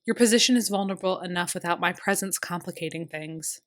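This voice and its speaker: A gentle, pleading young man on his way out the door, read by a woman narrating an audiobook. His voice sits a little low, soft and earnest. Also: fast talker, close to an everyday voice. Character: young man, a grieving departing lover. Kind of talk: audiobook character reading.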